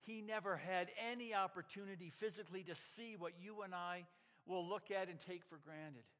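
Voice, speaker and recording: A man preaching a sermon, emphatic and measured, sometimes dropping his voice very low. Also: fairly bright tone, big-room sound. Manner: slow, emphatic preaching that drops to a near whisper. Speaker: pastor.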